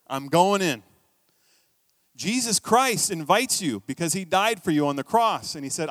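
A middle-aged male pastor preaches in a chatty, storytelling way, dropping into hushed asides and then jumping up into lively bursts of emphasis. His voice sits a bit higher than most men's. The sound is dry and close, with almost no room in it. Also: moderate pace, no echo. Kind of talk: sermon.

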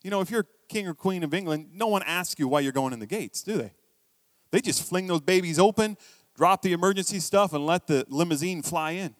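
A middle-aged male pastor delivers a sermon in a chatty, storytelling manner at a brisk pace, dropping to hushed asides before leaping into lively bursts of emphasis. His voice is a bit higher than most men's, and the recording is dry and close, with almost no room sound.

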